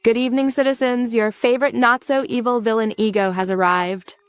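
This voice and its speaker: A woman's voice: a little high, steady tone, brisk, smooth, no room sound, pitched above the performer's own voice, natural voice. A woman voicing a cocky young male villain who mocks his foes with sarcastic, teasing lines. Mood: smug.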